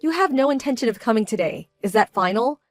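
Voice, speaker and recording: A woman voicing a young bride-to-be who sounds indignant, measured and cold. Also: fairly high pitch, expressive, no room sound, soft background music, natural voice. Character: young bride-to-be, hurt and proud, quietly fierce. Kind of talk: scripted story drama.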